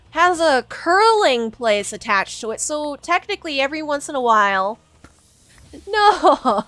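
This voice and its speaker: A young woman streaming and chatting away to her viewers, her voice bright and a little high. She rambles and giggles, tripping over her own sentences, while soft music plays faintly behind her. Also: dry recording. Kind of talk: casual livestream chat with chat.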